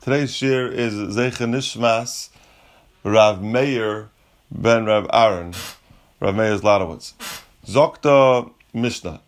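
A man teaching a Talmud lesson, reading Aramaic lines and explaining them casually in English. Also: mid-range voice. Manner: casual, restates points, frequent restarts.

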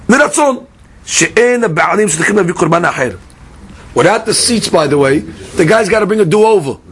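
Man, Talmud teacher, high gravelly voice, animated questioning, repeats words, faint background hiss. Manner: animated, questioning, repeats words, mixes Hebrew and Aramaic terms into English. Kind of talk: Talmud study lesson.

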